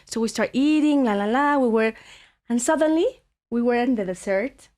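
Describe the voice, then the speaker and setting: Her voice fairly high and her speed normal, a woman from Mexico tells a story while hosting a casual podcast. She speaks with a Mexican Spanish accent as a native Spanish speaker, animated and full of restarts and fillers.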